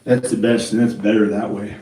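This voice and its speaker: A man's voice: on the low side, little pitch movement, brisk, warm tone. A man vlogging in a rambling, profane monologue, talking into a handheld microphone. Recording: roomy, mic held far off.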